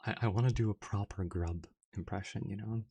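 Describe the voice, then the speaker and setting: A man's voice: lowish voice, a little hiss or hum. A man chatting playfully as an ASMR streamer, reacting to his audience with frequent laughs. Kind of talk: casual ASMR stream chat.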